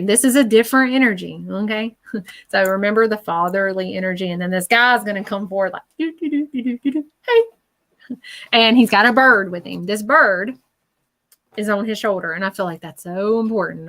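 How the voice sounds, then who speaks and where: A woman's voice: mid-range voice, a little fast, fairly bright tone. Chatty woman giving a psychic reading. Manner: chatty, reassuring, many fillers. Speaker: psychic medium. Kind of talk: live spirit reading.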